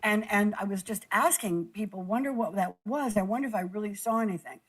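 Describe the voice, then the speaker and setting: A woman telling a personal story in a halting way, stumbling and repeating words, close to tears. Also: medium pitch, breathy edge, rough recording. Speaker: guest recounting an experience.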